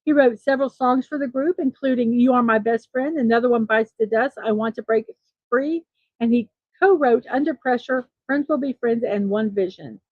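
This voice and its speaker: Higher-voiced woman reading morning show notes. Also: moderate pace, no room sound, phone-quality sound. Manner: reads from notes with small personal asides. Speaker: host of a daily morning show. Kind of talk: reading daily birthday and trivia notes.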